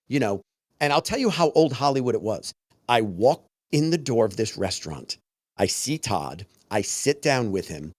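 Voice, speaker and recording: A man co-hosts a casual podcast chat, telling stories with a lively pitch and acting out the voices he quotes. The recording is dry, with clean studio sound.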